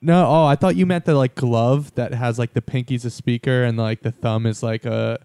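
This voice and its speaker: Gravelly, dark-toned joking man. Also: medium pitch, fairly even intonation, normal speed, no room sound. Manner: jokey, riffs on absurd ideas. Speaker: podcast co-host. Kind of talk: casual comedic chat.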